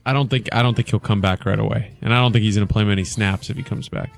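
A man co-hosting a sports talk show who gives relaxed, opinionated answers. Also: lowish voice, quick pace, gravelly, soft background music. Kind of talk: casual sports radio chat.

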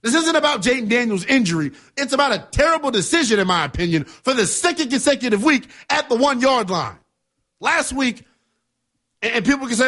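A man's voice: high-pitched, sing-song, moderate pace, fairly bright tone. A man hosting a sports talk show, giving passionate, emphatic commentary in a conversational way. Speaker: sports radio host.

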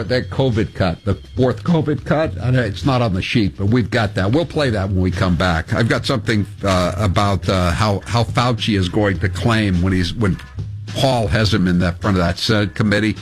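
A man hosting talk radio, rambling wryly with halting fillers. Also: lowish voice. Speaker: radio talk show host. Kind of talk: talk radio segment and ad read.

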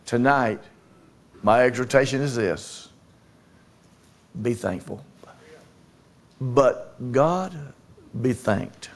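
A man's voice: mid-range voice, very slow, long pauses. A man preaching a sermon, telling a story and calling for amens from the congregation. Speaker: pastor.

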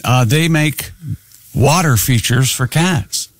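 A man co-hosting a radio show, chatting casually and reacting quickly to stories. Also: medium pitch, no room sound. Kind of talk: casual banter.

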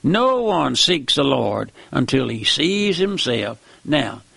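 Gravelly folksy preacher man. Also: medium pitch, very animated, takes it slowly, pushed and bright, no echo. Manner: folksy, repeats phrases, earnest. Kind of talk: sermon.

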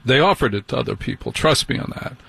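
Husky man telling a wry story. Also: mid-range voice, expressive, quick pace, fairly bright tone. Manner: wry storytelling, mock indignation. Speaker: host. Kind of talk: comic monologue.

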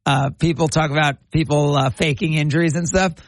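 A man's voice: fairly high pitch, steady tone, a little fast, no room sound. Chatty male sports podcast host. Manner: chatty, updates on live scores. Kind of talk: casual sports talk and commentary.

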